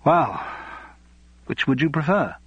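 An upbeat, eager young husband, voiced by a male narrator a touch higher than his usual tone. The recording is husky and dull. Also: sing-song, slow, fairly bright tone, dry recording, exaggerated voice.

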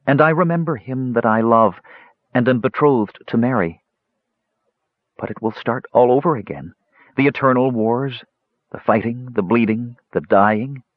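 A man voicing a sorrowful, earnest young dark-haired woman who speaks softly with sighs. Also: medium pitch, measured pace, no room sound, natural voice. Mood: sad. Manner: soft, sighing delivery. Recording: dull lo-fi dry recording.

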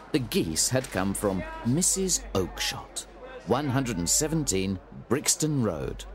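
A man narrating a storybook with a clear, even-paced reading. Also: medium pitch, slight background noise.

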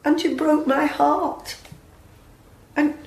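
A woman's voice: sits high, fairly even intonation, slow, a little mellow. A woman playing blunt, hurt friend. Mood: aggrieved. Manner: blunt, emotional, slangy. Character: blunt, wounded working-class woman friend. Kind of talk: audio drama acting. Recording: roomy echo.

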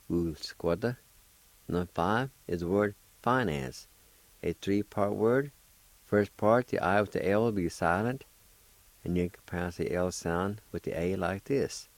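Slow, deep-voiced man teaching words. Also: dry recording. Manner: deliberate, spells out and repeats each syllable. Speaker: language teacher and radio host. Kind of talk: slow radio language lesson.

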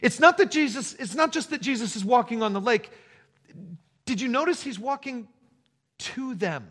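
A man's voice: very high-pitched, lively intonation, moderate pace, a bit bright. A man preaching a sermon as a pastor, telling the story with repeated phrases and building emphasis. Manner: storytelling with rising emphasis and repetition.

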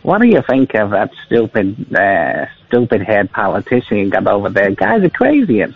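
A man's voice: on the low side, huge pitch swings, moderate pace, gravelly, breathy edge, heavily acted. A man voicing a brash, muddled news correspondent, drawling and rambling. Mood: blustering. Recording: dull lo-fi radio line.

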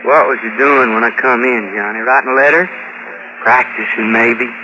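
An actor playing a drunk, wheedling small-time crook in a 1940s radio drama, with a slurred drawl. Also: male voice, medium pitch, steady tone, normal speed, natural voice. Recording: dull old radio recording with background noise.

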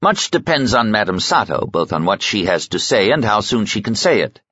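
Slick confident investigator guy, narrator voicing him, husky, lively delivery. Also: on the low side, normal speed, no room sound, voice pushed up, full character voice. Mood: persuasive. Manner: smooth, persuasive. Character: confident male covert investigator, smooth talker. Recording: slightly muffled sound.

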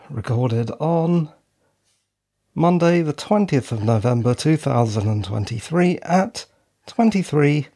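Middle-aged guy hosting his podcast, tired and out of breath, gravelly voice, takes his time. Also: medium pitch, warm tone. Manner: rambling, self-deprecating, chatty asides. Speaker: podcast host. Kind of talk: casual solo podcast chat. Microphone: handheld dynamic microphone.

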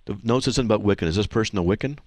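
A man hosting a call-in radio show from a studio, reading listener mail aloud in a mocking, animated way and laughing often. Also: lowish voice, rapid-fire, no room sound. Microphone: studio mic.

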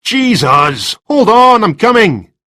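A man's voice: on the low side, unhurried, no echo, clean studio sound. A man reading a story, voicing a flustered, distracted male writer who talks hesitantly.

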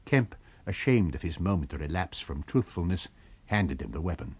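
A man narrating a novel in a measured storytelling manner. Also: low voice, very animated, a little mellow, slightly rough. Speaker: audiobook narrator. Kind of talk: scripted narration.

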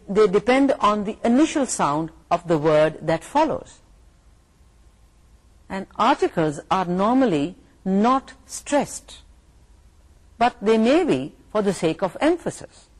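A middle-aged woman with a Pakistani English accent giving a university English lecture, slow and deliberate, repeating and rephrasing her points. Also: mid-range voice, a little mellow. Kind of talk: recorded lecture.

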